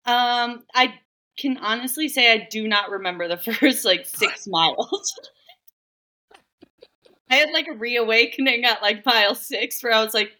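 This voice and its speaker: A woman's voice: fairly high pitch, a little slow, pushed and bright. A woman, a running coach, talking as a guest in a casual interview, chatty and giggly, with lots of "like".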